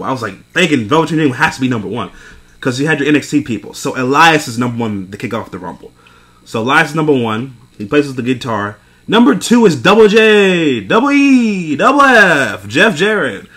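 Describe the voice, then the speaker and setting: A man's voice: medium pitch, very animated, a little fast, a bit bright. A young man recapping a wrestling event in a casual, profane rant, exasperated and laughing between points. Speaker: wrestling show reviewer.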